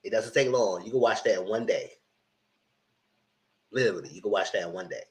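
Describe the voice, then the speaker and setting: A man's voice: on the low side, a little fast, rough recording. A man in his thirties hosting a live-stream TV review, chatting casually and greeting his viewers directly. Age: 30s.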